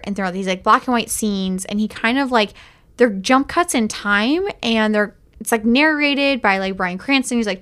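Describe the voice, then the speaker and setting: Woman cohosting a movie podcast, kinda high voice, chatty and emphatic, swears a lot. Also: fairly bright tone. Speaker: podcast co-host. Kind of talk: casual movie review chat.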